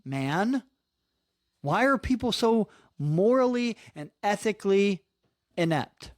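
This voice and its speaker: A man's voice: high voice, lively intonation, slow, long pauses, no room sound, clean studio sound. A man in his thirties hosting a solo podcast, ranting in a casual, profane, frustrated way and peppering his talk with "dude" and "man". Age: 30s. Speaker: podcast host.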